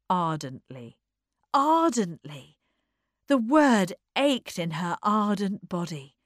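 In a measured, expressive style, a woman with a mid-range voice narrates an audiobook. It's a studio-quality recording free of any room sound.

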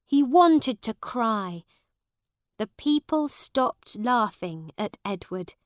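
A woman narrating a simple storybook in a clear, measured way. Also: fairly high pitch, lively intonation, no echo, studio quality. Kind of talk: slow storybook reading for learners.

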